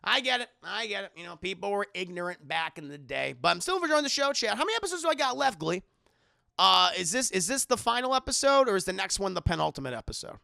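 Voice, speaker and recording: A young man streaming, recapping an episode in a profane, animated way that repeats itself. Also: sits high, fast, gravelly, dry recording, studio quality.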